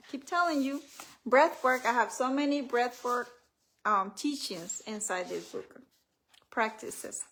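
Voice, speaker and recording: A woman leading a live spiritual healing reflection, speaking gently, repeating affirmations and reading aloud from her own book. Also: fairly high pitch, lively intonation, moderate pace. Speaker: author and healing coach.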